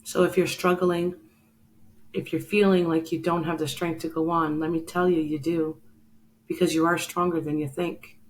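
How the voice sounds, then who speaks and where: A woman's voice: lowish voice, little pitch movement, normal speed, a little hiss or hum, low-quality recording. A woman hosting a show, telling a personal story in an earnest, emotional way and speaking straight to the listener. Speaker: podcast host.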